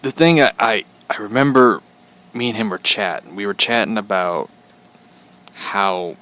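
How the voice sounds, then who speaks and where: A man's voice: on the low side, unhurried, pushed and bright. A man from Missouri hosting a podcast, ranting casually in a blunt, profane, rambling way. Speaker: podcast host. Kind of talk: casual rant.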